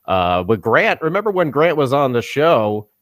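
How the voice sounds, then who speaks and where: A man co-hosting a casual sports podcast, telling stories in a lively, nostalgic way. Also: medium pitch, moderate pace, no room sound, studio quality. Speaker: podcast co-host. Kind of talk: casual chat.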